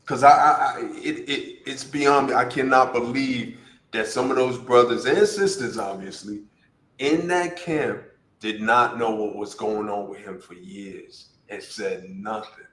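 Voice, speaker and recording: A man's voice: medium pitch, measured pace, fairly bright tone. A man co-hosting a casual discussion, thoughtful and restarting his sentences as he works through his points. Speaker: podcast co-host. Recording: echoey room.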